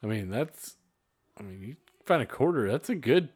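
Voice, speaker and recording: A laid-back man in casual conversation who adds short remarks. His voice sits in a middle pitch but rises and falls a lot. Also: big pitch swings, moderate pace, a little mellow, husky. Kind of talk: casual chat.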